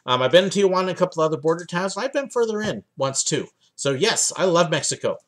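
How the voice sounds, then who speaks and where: A man's voice: on the high side, lively intonation, a little fast. A young man from the United States hosting a livestream Q&A from his home office, chatting casually with lots of ums and uhs. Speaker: livestream host answering viewer questions.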